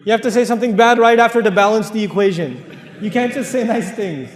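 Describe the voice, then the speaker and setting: High-voiced preacher in an echoing hall. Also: male voice, fast talker. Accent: American. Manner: direct, joking, lecturing. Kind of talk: humorous sermon. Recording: echoey hall with long reverb.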